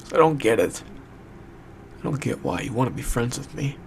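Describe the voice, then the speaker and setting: A young man speaking straight to the camera in an emotional monologue, distraught and fighting back tears, halting and repetitive, swearing as he searches for words. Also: medium pitch, animated, creaky, a little hiss or hum. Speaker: video maker addressing a friend.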